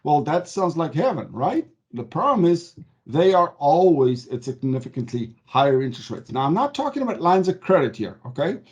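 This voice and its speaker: A man's voice: on the high side, big pitch swings, normal speed, dull audio. A man working as a mortgage advisor, explaining loans in a conversational way and often checking in with "okay?". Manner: emphatic, stresses key words. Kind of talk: explanatory talk to camera.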